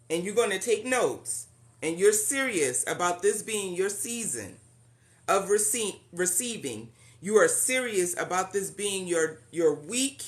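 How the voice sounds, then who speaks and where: A woman hosting a live-stream meeting, chatty and welcoming, greeting viewers by name and saying "y'all.". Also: mid-range voice. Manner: uses Southern-style "y'all".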